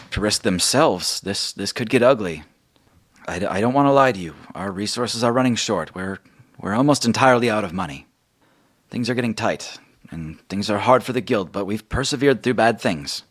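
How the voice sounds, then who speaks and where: A man's voice: lowish voice, moderate pace, pitched above the performer's own voice, close to an everyday voice. A man voicing an earnest woman guild leader in a tabletop game. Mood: urgent.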